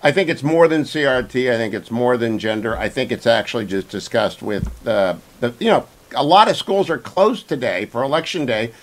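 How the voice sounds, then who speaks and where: A man hosting a political talk radio show, interviewing a guest with brisk, emphatic delivery and loud greetings. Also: medium pitch, low-quality recording.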